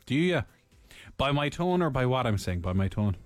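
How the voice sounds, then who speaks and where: A man co-hosting a radio show, excitable and jokey, laughing often. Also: medium pitch, moderate pace, no room sound, faint music behind. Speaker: radio co-host. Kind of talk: casual chat.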